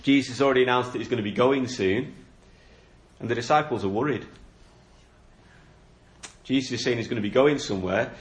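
A man's voice: medium pitch, a little fast, long pauses. A man preaching a sermon, explaining a Bible passage in an earnest, questioning way. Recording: echoey room.

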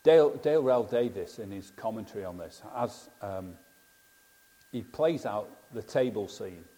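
A man's voice: on the low side, expressive, moderate pace, mellow. A man preaching a sermon in an earnest, conversational way, often asking rhetorical questions. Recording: long hall reverb.

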